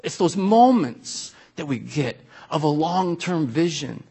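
A man's voice: a little high, lively intonation, takes it slowly, creaky, dark tone, slightly rough. A man preaching a sermon in a conversational, storytelling way, full of asides to the congregation. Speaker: pastor.

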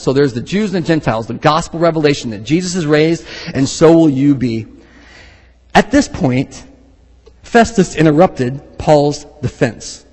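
A middle-aged man pastor preaching a lively sermon, reading scripture aloud and stopping to laugh and exhort. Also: fairly high pitch, unhurried. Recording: long hall reverb.

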